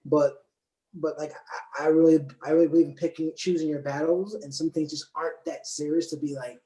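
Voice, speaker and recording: A man talking calmly and deliberately in a casual discussion, often repeating words as he works out his point. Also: on the high side. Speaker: panel guest. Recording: echoey room.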